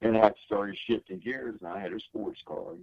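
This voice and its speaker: A man's voice: normal speed, creaky, husky, no echo, muffled recording. An older man, a guest singer, telling a personal story in an interview with emphatic, swinging delivery. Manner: emphatic testimony with big pitch swings.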